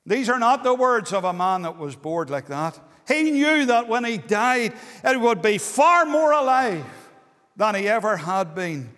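A man's voice: high-pitched, sing-song, measured pace, a bit bright. A man preaching an earnest, pleading evangelistic sermon in a meeting hall, dwelling on key words. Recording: long hall reverb.

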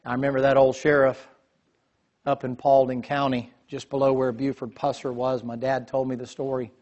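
A man preaching a sermon, telling folksy stories and building to emphatic, loud passages. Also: medium pitch, flat delivery, normal speed, muffled recording.

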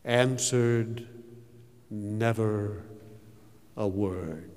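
A man preaching a sermon as dramatic storytelling, with slow, emphatic phrasing. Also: lowish voice, darkish tone, long reverb tail. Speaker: pastor.

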